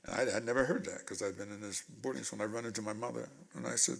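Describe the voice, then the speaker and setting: A man in his eighties, a guest speaker telling stories from his life to a panel audience in an animated way. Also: lowish voice, quick pace, vocal fry. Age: 80s. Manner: animated storyteller, voices quotes loudly. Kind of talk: storytelling in a panel talk.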